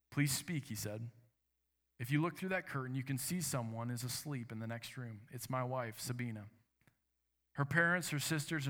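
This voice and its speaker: Pastor, male, mid-pitched, earnest sermon storytelling, long church reverb. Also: fairly bright tone. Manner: earnest, measured storytelling with dramatic quoted lines. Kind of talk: sermon with a read-aloud story.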